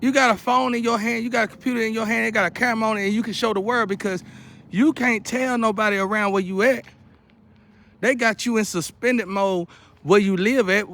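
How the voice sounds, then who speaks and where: Man, high-pitched, talking straight to camera outdoors. Preachy, repetitive delivery that keeps building to an urgent outcry. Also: fairly bright tone, dry recording. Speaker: vlogger. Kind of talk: impassioned monologue to camera. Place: outdoors near a porch.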